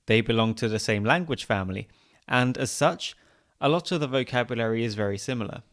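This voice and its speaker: Man hosting with measured narration. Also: medium pitch, fairly bright tone. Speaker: podcast host. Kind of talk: scripted podcast narration.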